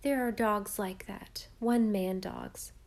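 A loving mother in a storybook, speaking softly and soothingly to her grieving son, as a woman reader voices her. Her tone is unhurried and calm. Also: mid-range voice, lightly acted. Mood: tender.

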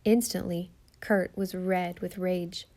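A woman narrating an audiobook in a measured, expressive storytelling manner. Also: lowish voice.

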